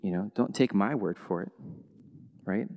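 A male pastor preaching a sermon in a church, animated, swinging from quiet asides to loud exclamations. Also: lowish voice, moderate pace. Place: church sanctuary. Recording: long hall reverb.

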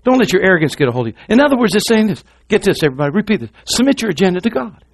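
A man preaching a sermon, swinging from loud, high exclamations to quiet, low lines and calling on the congregation to repeat after him. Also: very animated, rapid-fire, creaky, no echo. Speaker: pastor.

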